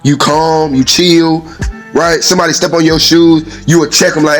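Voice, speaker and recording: A man with a notably high speaking voice rambles through casual stories in an animated, expressive way. He slips into acted-out voices for the people he quotes and laughs between lines. Faint music sits underneath. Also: normal speed. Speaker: speaker in a played clip. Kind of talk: casual storytelling monologue.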